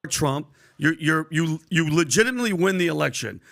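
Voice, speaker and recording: A man's voice: on the high side, lively intonation, a little fast, gravelly, a bit bright. A man co-hosting a podcast, pushing in with interruptions to pose a hypothetical. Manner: pushy, interrupting. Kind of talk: podcast debate.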